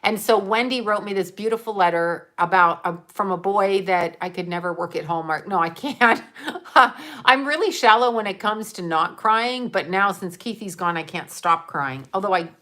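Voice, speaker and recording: At a normal speed, the middle-aged woman talks to camera in a mid-range, fairly bright voice. She rambles through a casual gift-opening chat, showing her viewers' presents and thanking them, with plenty of fillers.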